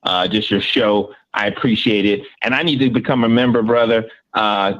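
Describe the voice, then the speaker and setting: A man's voice: fairly low pitch, moderate pace, a bit bright, highs cut off. A middle-aged man from Florida calling in to a sports show, politely working through points he wrote down. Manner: polite, reading prepared points. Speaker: caller.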